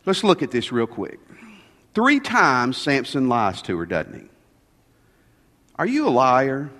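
A man's voice: mid-range voice, wildly swooping pitch, slow, a bit bright, in a large hall. A man preaching a sermon as pastor, with folksy, joking asides.

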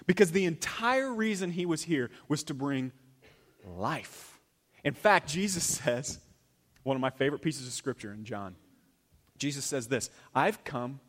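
A man preaching a sermon in a church, animated, swinging between loud emphasis and hushed near-whispers. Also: on the high side. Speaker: pastor.

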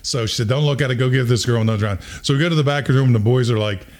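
A middle-aged man hosts a podcast and tells a long, funny story in a casual way. He breaks into laughter and acts out what people said. His voice sits at an average pitch. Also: racing. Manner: animated, acts out quotes with laughter. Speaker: podcast host.

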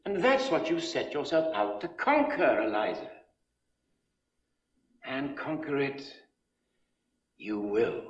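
An imperious, lecturing language professor from an old film, his voice swinging widely in pitch and slow in delivery. He speaks grandly and demandingly, heard through a muffled, echoey soundtrack. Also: wildly swooping pitch. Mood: impassioned.

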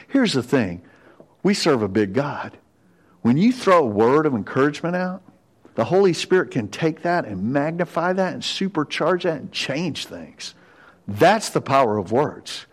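Emphatic storytelling male pastor. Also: medium pitch. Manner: storytelling, emphatic and rising to exhortation. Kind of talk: sermon. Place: church sanctuary.

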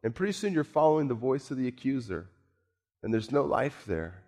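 A man preaching a sermon, moving from low, quiet musing to raised, emphatic points, slowing down and repeating words for emphasis. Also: big pitch swings. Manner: repeats himself, speaks slowly for emphasis. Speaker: pastor.

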